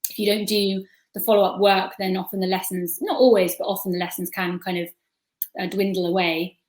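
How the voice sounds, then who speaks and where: A woman's voice: medium pitch, flat delivery, a little fast, a little mellow, poor audio. A woman on a video-call panel, talking at length in a thoughtful, chatty way and often restarting her words.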